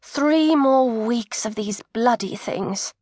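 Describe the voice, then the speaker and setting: A woman's voice: fairly high pitch, slow, a little mellow, no room sound, voice pushed up. A woman voicing a weary, irritable young pregnant woman with dry, exasperated asides. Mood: wry.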